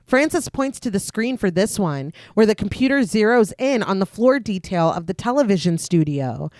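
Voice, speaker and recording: A woman's voice: mid-range voice, moderate pace, no room sound. A young adult woman co-hosting a horror podcast, reading out a film recap with frequent laughing asides. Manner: laughs often, animated asides. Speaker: podcast co-host.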